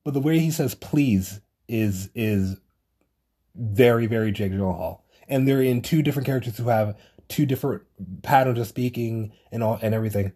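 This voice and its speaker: A man's voice: medium pitch, fairly quick, warm tone, husky. A man hosting a solo podcast, talking in a rambling casual way, swearing and correcting himself often. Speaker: podcast host.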